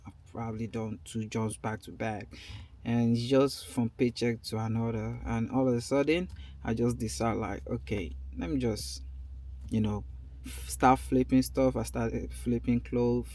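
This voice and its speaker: A man's voice: medium pitch, steady tone, unhurried, warm tone. A man from Nigeria in his thirties with a Nigerian accent, talking loosely and conversationally in a casual vlog recorded in a car. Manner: loose and conversational, drifting between topics. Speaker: vlogger.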